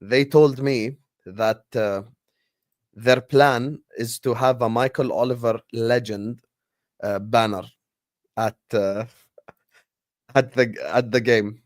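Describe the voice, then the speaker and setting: A man's voice: mid-range voice, steady tone, slow, pauses often, dry recording, clean studio sound. A man hosting a casual football livestream, chatting with viewers and slipping in Arabic phrases. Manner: chatty, talks to the chat, switches into Arabic phrases. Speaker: football stream host.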